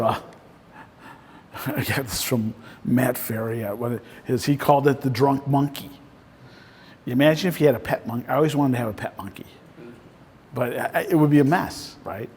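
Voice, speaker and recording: A man's voice: mid-range voice, a little mellow, breathy edge. A man in the role of a real estate coach, giving a casual, conversational talk to a small group and often ending points with "right?". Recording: voice in a reverberant room.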